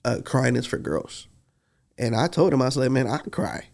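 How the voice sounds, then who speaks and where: Earnest man with a gravelly voice. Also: mid-range voice, animated, normal speed, darkish tone. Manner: earnest, heartfelt storytelling. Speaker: podcast co-host. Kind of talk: casual podcast conversation.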